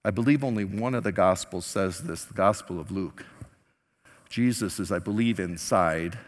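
A male pastor preaching a sermon, telling a story with lively acted-out quotes. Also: low voice, normal speed. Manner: animated storytelling, acting out quoted lines. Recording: long hall reverb.

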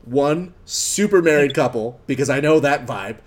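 A man hosting a casual podcast interview, easygoing and quick to laugh. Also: medium pitch, expressive. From married man. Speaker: podcast host.

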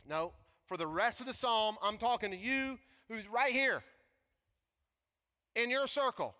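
A male pastor with a high, bright, ringing voice preaches emphatically. He swings from shouts to near whispers. The sound carries a long reverb from a large hall. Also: measured pace, pauses often. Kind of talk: sermon.

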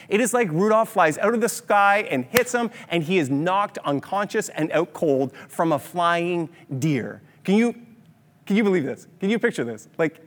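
A man preaching a sermon, telling a story with lively rhetorical questions. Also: a little high. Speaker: pastor. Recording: long hall reverb.

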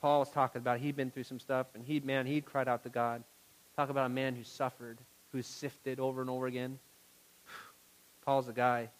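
A male pastor preaching a sermon to his congregation, moving from quiet, intimate words to loud pleading and asking the room questions. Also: mid-range voice, flat delivery, moderate pace, rough recording.

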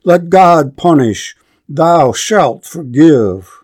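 A man's voice: on the high side, expressive, extremely slow, a little mellow, no echo, studio quality, exaggerated voice. A man reading the lines of a desperate young woman begging forgiveness in an imploring tone. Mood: pleading. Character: desperate pleading woman, young adult, steadfast.

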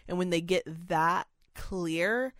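A woman's voice: lowish voice, takes it slowly, fairly bright tone, dry recording. Candid, rambling woman with a dry voice. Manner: rambling, candid, swears freely. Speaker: memory care worker. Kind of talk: casual podcast chat.

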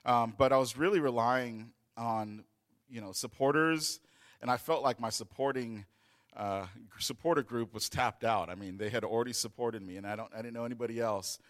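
Guy rambling thru a personal story, lots of ums and restarts, mid pitch. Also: normal speed, a bit bright. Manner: rambling, with many fillers and restarts. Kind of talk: casual storytelling.

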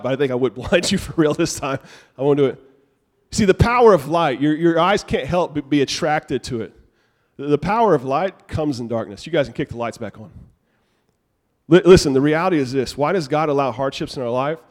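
A young adult man preaching a sermon to a church congregation in a casual, animated conversational way. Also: on the high side. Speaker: pastor. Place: church sanctuary.

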